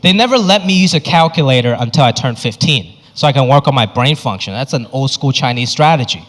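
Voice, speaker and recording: On a comedy stage, a male stand-up tells punchy anecdotes and acts out the people in them. His mid-range voice is fairly quick and a bit bright with lively intonation, and the venue is reverberant with background noise.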